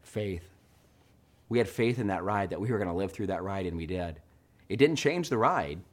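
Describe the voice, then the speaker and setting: A middle-aged man preaching a sermon, telling a story with animated swings between hushed and loud delivery. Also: low-pitched, moderate pace. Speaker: pastor.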